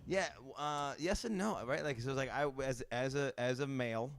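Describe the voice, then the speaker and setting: A man's voice: medium pitch, normal speed, dry recording, studio quality. A young man from upstate New York, hosting a podcast in casual chat, rambling with lots of fillers and laughing often. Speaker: podcast host.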